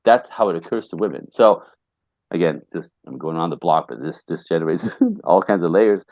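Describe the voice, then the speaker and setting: A man's voice: sits low, animated, a little fast, darkish tone, dry recording. A man who works as a relationship coach, talking bluntly and emphatically as a podcast guest and laughing often. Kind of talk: casual interview talk.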